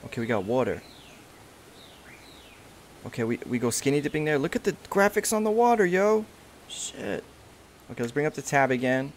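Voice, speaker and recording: A man casually commentating his own game playthrough, excited, slangy, and swearing freely. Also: medium pitch, moderate pace, long pauses, a little hiss or hum. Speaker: gamer. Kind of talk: casual let's play commentary.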